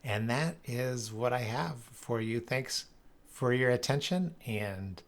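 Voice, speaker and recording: A man speaking at a middle pitch, talking through a business webinar in a loose, conversational way. He keeps checking in with his listeners as he lays out his ideas. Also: animated, takes it slowly, noisy background. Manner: conversational, tags points with rhetorical "right?". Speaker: sales leadership speaker. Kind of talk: webinar presentation.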